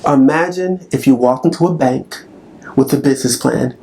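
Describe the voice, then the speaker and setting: A man's voice: mid-range voice, moderate pace, mellow, slightly rough. A man giving a motivational talk to camera, emphatic and repetitive in a pep-talk manner. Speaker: motivational speaker.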